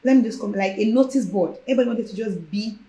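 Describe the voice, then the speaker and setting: A woman's voice: medium pitch, fast. A young woman with a Nigerian accent, a podcast guest who tells her personal story casually and acts out the lines of the people in it. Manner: animated, acts out quoted dialogue. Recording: roomy echo.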